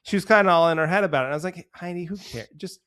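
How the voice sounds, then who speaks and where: A man in his thirties, a podcast co-host, telling a long casual story and mimicking people in quick playful voices. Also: sits high, fairly bright tone, clean tone.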